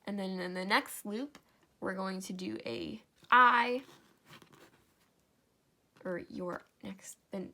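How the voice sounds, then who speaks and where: A woman's voice: mid-range voice, measured pace, bright, forceful tone. A sleepy young woman walks through a craft project in a casual, chatty way. She keeps correcting herself and apologizing as she goes. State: sleepy, yawning. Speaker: craft tutorial host. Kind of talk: casual step-by-step tutorial.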